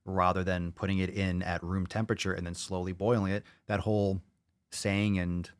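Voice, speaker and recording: A man with a low voice hosts a casual podcast, ranting to his listeners and swearing freely. He talks on a close mic in a dry room with no echo. His delivery is loose, profane and full of drive. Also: flat delivery, normal speed, clean tone. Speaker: podcast host. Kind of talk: casual livestream podcast chat.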